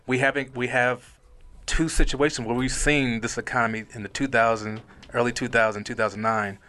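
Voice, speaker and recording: A man in his forties co-hosting a casual panel talk, earnest and animated, often laughing as he speaks. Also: on the low side. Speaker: podcast co-host.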